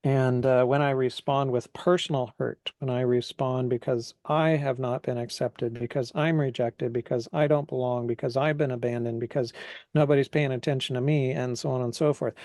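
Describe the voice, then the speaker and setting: A man's voice: mid-range voice, a little mellow, no room sound, studio quality. A man preaching a teaching talk, earnest and repetitive, often asking "right?". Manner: earnest, repeats phrases, asks "right?" often.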